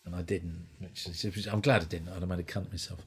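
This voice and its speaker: A man doing stand-up, winding through a long, sweary anecdote and restarting his sentences often. His voice sits fairly low and sounds husky. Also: steady tone, fast talker. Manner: rambling, profane, full of restarts. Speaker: stand-up comedian. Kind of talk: stand-up storytelling. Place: comedy club stage.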